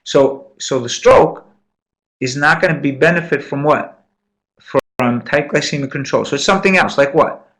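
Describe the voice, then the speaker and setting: A slightly high-voiced man teaches a medical class in a classroom. He quizzes the students, drills key points by repeating them and cheers on right answers with lively energy. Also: moderate pace. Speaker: medical lecturer. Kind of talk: interactive classroom lecture.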